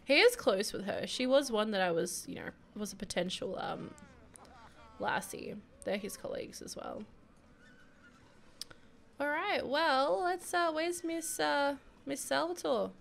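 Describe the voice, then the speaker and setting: Playing a life-sim game, a young gaming creator offers chatty, giggly commentary in a high-pitched, creaky voice. She talks a little slowly, and some hiss or hum sits under the recording.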